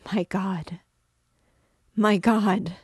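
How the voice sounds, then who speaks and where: A woman's voice: fairly low pitch, level tone, takes it slowly, gravelly, a little mellow, slightly rough, no room sound, studio quality, heavily acted. A woman reading aloud voices an exhausted, frightened young girl who speaks faintly and stammers. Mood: shaken, overwhelmed.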